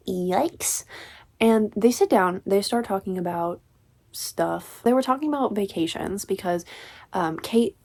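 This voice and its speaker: A young woman reviewing a novel in a casual vlog, sarcastic and exasperated, slipping into quiet whispered asides. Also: medium pitch. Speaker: book reviewer.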